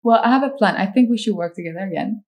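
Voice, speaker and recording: A woman hosting a casual chat, animated and quick to laugh, often restarting her sentences. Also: medium pitch. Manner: animated and giggly, with frequent restarts.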